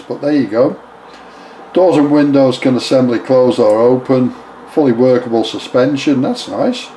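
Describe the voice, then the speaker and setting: A man hosting a casual unboxing video of a model kit, chatty, often restarting his sentences and reading box text aloud slowly. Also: mid-range voice, mellow, slight background noise, low-quality recording. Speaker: scale model hobbyist.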